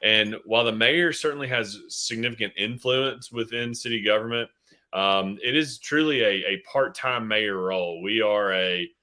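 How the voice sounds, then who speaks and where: A man's voice: on the low side, normal speed, bright, forceful tone. A man in his thirties, a mayor, answering interview questions earnestly with frequent fillers and restarts. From Tennessee. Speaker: city mayor, guest.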